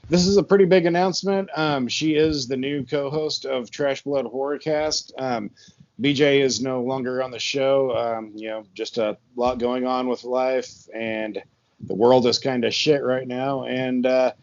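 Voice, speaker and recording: Male podcast host, laid-back and rambling, middle pitch, dull lo-fi home recording. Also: steady tone, measured pace, a little mellow, dry recording. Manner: rambling, laid-back, lots of fillers and laughs. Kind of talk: casual chat. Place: his barn with the door open and a fan on.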